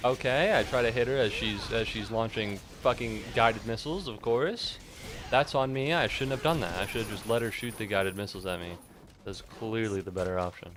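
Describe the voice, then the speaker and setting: A man streaming himself playing an action game, commenting casually, excitable, swearing and joking at the game. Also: on the low side, fairly quick.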